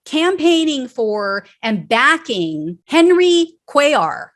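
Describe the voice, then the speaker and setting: A woman's voice: high voice, very animated, slow, a bit bright. A woman hosting her own political commentary show, ranting angrily and bluntly with plenty of profanity. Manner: mocking impressions of politicians. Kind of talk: solo political commentary rant.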